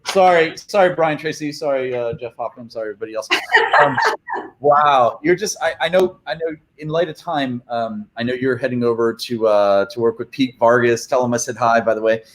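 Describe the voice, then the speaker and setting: Male virtual-event host, mid-pitch, excitable and playful, filler-heavy. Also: a little fast. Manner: enthusiastic, joking, many fillers. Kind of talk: virtual summit hosting. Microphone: video call.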